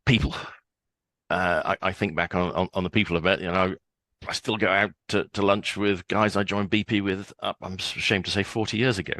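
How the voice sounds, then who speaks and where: A man's voice: sits low, fairly even intonation, fairly quick, fairly bright tone, no room sound. A man in his sixties, a guest on a podcast interview, chatty and often repeating words as he starts a sentence.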